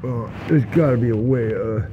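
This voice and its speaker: A man's voice: medium pitch, moderate pace, muffled recording. Grumbling, profane man in his sixties. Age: 60s. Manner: profane, grumbling, talks to himself. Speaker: vlogger. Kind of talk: walking vlog, muttered running commentary. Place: outdoors on busy city streets. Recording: loud street traffic noise. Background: traffic noise.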